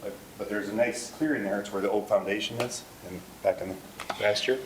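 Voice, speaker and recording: A man's voice: lowish voice, steady tone, a little fast, slight background noise, rough recording. A middle-aged man telling family stories at a memorial service in a conversational, rambling way. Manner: rambling, conversational, with frequent fillers and laughs. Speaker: eulogist. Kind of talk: memorial speech with anecdotes.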